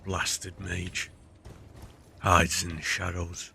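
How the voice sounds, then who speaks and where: A man putting on a gruff, scornful warrior. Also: sits low, level tone, extremely slow, pushed and bright, slight background noise, voice pushed down, full character voice. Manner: growling, contemptuous asides. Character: gruff, honor-bound male warrior, scornful.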